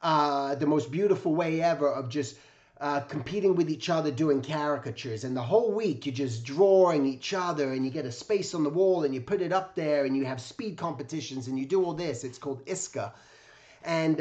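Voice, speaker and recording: A man's voice: on the high side, moderate pace, darkish tone, highs cut off. A man who hosts an art channel, telling a personal story in a casual, enthusiastic and rambling way. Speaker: illustration teacher and host.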